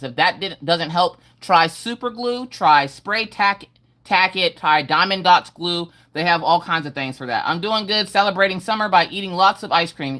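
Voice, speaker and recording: Middle-aged lady live streaming from home, slightly low voice, bouncy sing-song hellos to chat. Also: fairly bright tone. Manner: upbeat, sing-song greetings. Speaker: livestream host. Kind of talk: casual livestream chat greeting viewers.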